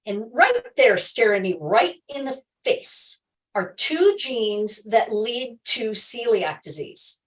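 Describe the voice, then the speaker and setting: A woman's voice: a little high, sing-song, takes it slowly, distant mic, poor audio. A middle-aged woman hosting a health livestream, telling a personal story to viewers in an emphatic way, repeating key phrases and laughing often.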